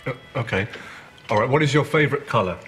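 A man's voice: mid-range voice, animated, fast, a bit bright, faint music behind, close to an everyday voice. A man playing a bluff, tactless joker. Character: jokey, dim-witted man who loves astrology. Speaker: party guest.

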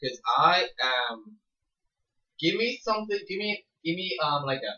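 A man's voice: high-pitched, very animated, a little slow, bright, forceful tone. A teenage boy joking around with a friend in front of a laptop webcam, silly and insistent. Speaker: friend on camera. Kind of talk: casual goofy chat. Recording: roomy, distant lo-fi webcam audio.

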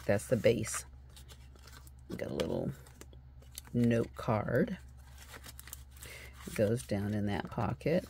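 A woman's voice: extremely low pitch, creaky, mellow, a little hiss or hum. A woman hosting a crafting video, chatting casually as she shows her journal and thinks aloud with fillers, sounding tired and yawning.

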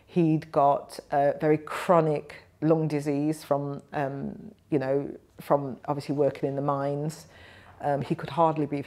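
A woman in her fifties, a nursing professor and guest, telling stories reflectively and acting out the voices she quotes. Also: deep voice. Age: 50s. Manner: animated, acts out quoted voices. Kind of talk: reflective storytelling.

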